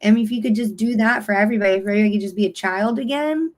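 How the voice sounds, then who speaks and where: A woman at a middle pitch, a guest on a livestream chat. She tells stories with eager enthusiasm and open feeling, with many "ums" and restarts. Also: very fast, a little mellow. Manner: enthusiastic storyteller, emotional. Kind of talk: casual livestream conversation.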